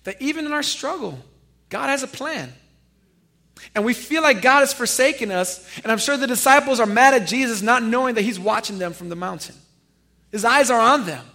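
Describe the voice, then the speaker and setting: Guy pastor preaching, high voice with a lot of fry, keeps asking the church questions. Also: normal speed. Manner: animated, asks the congregation rhetorical questions; addresses listeners familiarly. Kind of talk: sermon.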